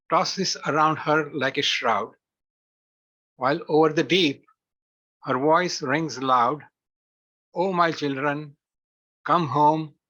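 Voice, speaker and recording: Slow, measured man reciting a poem. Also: on the high side, bright, forceful tone. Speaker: poetry reader. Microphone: video call. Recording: muffled video call audio.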